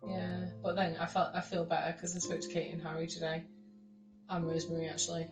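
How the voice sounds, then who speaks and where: A woman's voice: sits low, brisk, reverberant, recorded from a distance, music in the background, poor audio. A young woman, a teacher, telling stories in casual chat, swearing and laughing often and acting out the people she quotes. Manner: animated storytelling, acting out quoted people with a raised voice.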